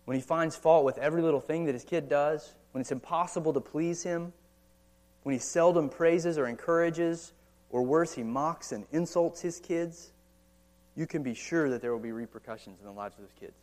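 Here a pastor's slightly high, slightly mellow voice moves at a moderate pace. The American man, in his thirties, is preaching a sermon in a church or meeting hall, conversational in manner and full of rhetorical questions and casual asides.

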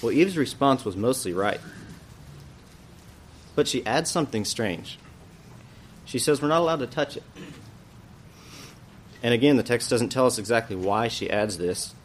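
A man's voice: medium pitch, expressive, moderate pace, long pauses, slight background noise. A man teaching an adult church Bible class, explaining a passage in a thoughtful way and often asking questions aloud.

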